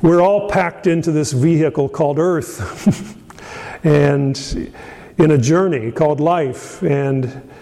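A middle-aged pastor from Indiana preaches a sermon in a friendly, storytelling way. He pauses with fillers and restarts often, and his voice sits a little high. A long reverb from the hall trails after his words. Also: mellow. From Indiana, USA.

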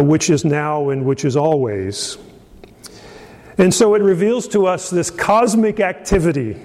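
A man's voice: fairly high pitch, darkish tone, in a large hall. A middle-aged man from Indiana preaching a sermon, telling a folksy story with frequent fillers and restarts. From Indiana, USA. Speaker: pastor.

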